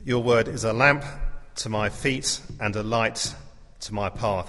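A man preaching a sermon as the pastor, measured and earnest with touches of gentle humour. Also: fairly low pitch. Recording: reverberant church hall.

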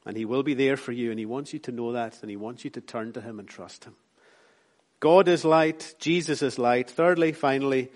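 A Scottish man preaching a sermon, building emphatic repeated phrases and then dropping softly. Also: medium pitch. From Scotland. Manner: rhythmic, repetitive preaching with rising emphatic lines and soft drops.

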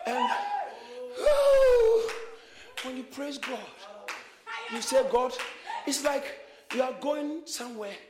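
A man preaching a sermon, shouting and exhorting his congregation in call-and-response. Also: high-pitched, very noisy. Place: church hall with congregation. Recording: echoey church hall, crowd behind.

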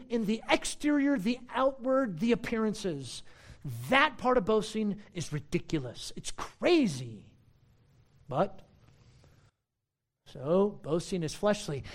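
A preacher giving a sermon, teaching in an emphatic, conversational way with frequent asides and a sarcastic edge. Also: mid-range voice.

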